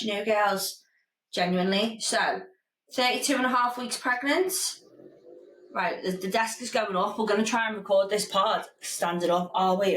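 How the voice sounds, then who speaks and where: A woman's voice: medium pitch, a bit bright, far from the mic. Breathless woman hosting her podcast, chatty and frank, in an echoey room a bit off the mic. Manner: chatty and candid, swears freely. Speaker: podcast host. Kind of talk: casual solo podcast talk. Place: home room with a standing desk.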